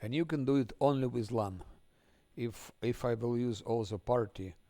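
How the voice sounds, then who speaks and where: Gravelly man cursing at a game. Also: mid-range voice, normal speed, warm tone, dry recording. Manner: swears angrily, mutters under breath. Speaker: game streamer. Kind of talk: live gameplay commentary.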